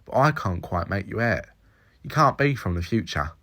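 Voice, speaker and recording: A man's voice: fairly low pitch, very animated, moderate pace, pushed and bright, dry recording. A man voicing a smug young man from the future with a thick Cockney accent, casual and self-assured.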